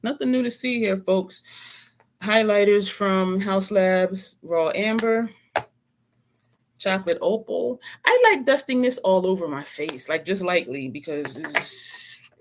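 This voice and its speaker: A beauty vlogger talks through their makeup in a loose, chatty way, often stopping to correct a product name. The voice sits at a middle pitch, and playful asides and small laughs come up now and then. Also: lively intonation, slow pace, a little hiss or hum. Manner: chatty, rambling product rundown with self-corrections. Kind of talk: casual makeup review chat.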